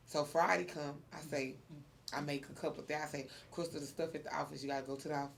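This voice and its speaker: A woman hosting a podcast, telling a story in casual chat, animated and laughing often. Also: low voice, fast talker, vocal fry. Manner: animated storyteller, laughs often, gets loud when excited. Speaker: podcast host.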